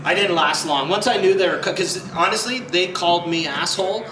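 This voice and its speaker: A man's voice: sits high, fairly quick, roomy sound, background noise. A man hosting a podcast, chatting casually and telling stories with lots of jokes and laughter. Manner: joking, storytelling, laughs often. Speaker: podcast host. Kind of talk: casual chat.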